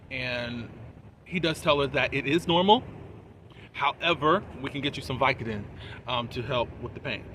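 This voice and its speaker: Speaking in a mid-range voice against background noise, a male TV episode reviewer chats casually through an episode recap. He laughs between his points and keeps asking his viewers questions.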